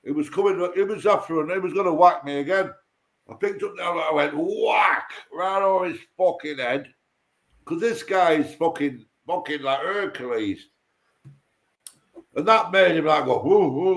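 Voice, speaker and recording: A man's voice: a little high, moderate pace, a bit bright. A man telling a rambling, sweary story on a casual livestream chat, repeating himself and tripping over his words.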